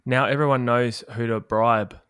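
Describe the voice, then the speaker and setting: A man's voice: medium pitch, fairly even intonation, moderate pace, a bit bright, smooth, dry recording. A man hosts a loose, friendly interview. He talks in a rambling, joking way and breaks in with asides. His voice sounds dry and close, with no room around it. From Australia. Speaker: podcast host. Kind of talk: casual interview chat.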